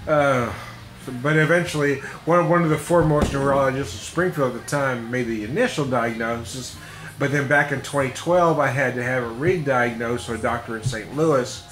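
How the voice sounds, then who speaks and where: This middle-aged podcast host speaks at a medium pitch and normal speed, his tone slightly bright. He rambles through a casual monologue, laughing a lot and swearing freely, in an echoey room with faint music behind him.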